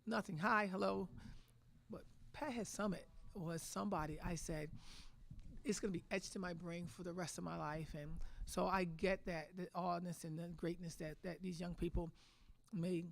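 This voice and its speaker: A woman's voice: on the low side, steady tone, moderate pace, gravelly. A middle-aged woman head coach answering press conference questions with emphatic, restarting speech. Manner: emotional, repetitive restarts, emphatic.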